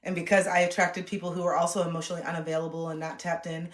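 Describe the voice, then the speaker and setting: A woman streamer telling personal stories frankly, swearing, dropping to hushed reflection and then bursting into loud laughing re-enactments. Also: lowish voice, level tone, racing. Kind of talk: candid personal storytelling. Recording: echoey room.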